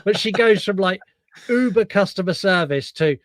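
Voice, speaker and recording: A man co-hosting a podcast in a fairly high voice, talking loosely and excitedly about a film. He swears freely and acts out lines from it, and the sound is dry and close. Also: moderate pace, dry recording. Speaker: podcast co-host. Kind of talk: casual film review chat.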